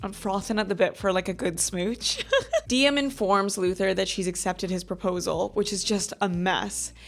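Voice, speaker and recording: A woman's voice: mid-range voice, normal speed. A woman in her thirties hosting a casual book review vlog. She talks in a gushing, dramatic way and says "like" often. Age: 30s. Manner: gushing and dramatic, heavy use of "like". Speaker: book club host.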